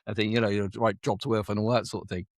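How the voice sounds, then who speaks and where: Chatty British army veteran. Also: male voice, fairly low pitch, little pitch movement, very fast, dry recording, clean studio sound. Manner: chatty, storytelling with quoted voices. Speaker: army veteran and business owner. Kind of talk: casual interview.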